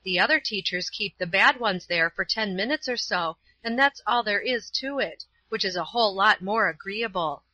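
Stubborn sulky schoolgirl, read by a woman, indignant whiny tone, bright voice. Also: mid-range voice, normal speed, hardly any pauses, no echo, rough recording. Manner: indignant, complaining. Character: young schoolgirl, stubborn and resentful. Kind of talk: storybook reading.

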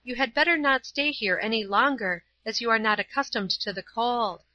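A woman voicing a kindly young female schoolteacher, ill with fever, speaking gently and earnestly in a storybook reading. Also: fairly high pitch, moderate pace, no echo, pitched above the performer's own voice. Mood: tender, concerned. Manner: gentle, motherly, softly earnest. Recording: slightly dull, dry recording.

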